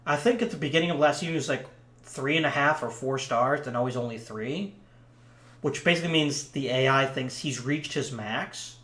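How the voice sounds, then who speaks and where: With a reverberant sound and a fairly bright, medium-pitched voice, a let's play commentator speaks at normal speed while playing a hockey management game. His commentary is casual and chatty, rambling along with lots of ums.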